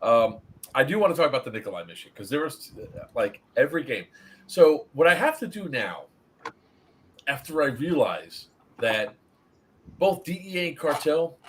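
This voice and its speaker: A man's voice: medium pitch, a little hiss or hum. A man hosting a casual review stream, telling stories with lots of swearing. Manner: animated, swears freely, storytelling.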